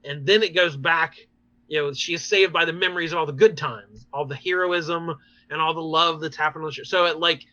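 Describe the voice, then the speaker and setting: A man hosting a podcast, recapping TV episodes in an animated, rambling way with many fillers. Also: fairly high pitch, a little fast, no echo, highs cut off. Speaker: podcast host. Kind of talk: casual chat recapping TV episodes.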